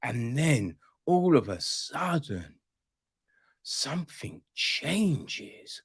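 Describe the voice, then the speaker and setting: A man's voice: medium pitch, big pitch swings, very slow, fairly bright tone, husky, no room sound, studio quality. A man reviewing a film on a podcast in a casual, sarcastic rant, swearing freely and rambling with restarts. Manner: rambling with restarts and "you know what I mean".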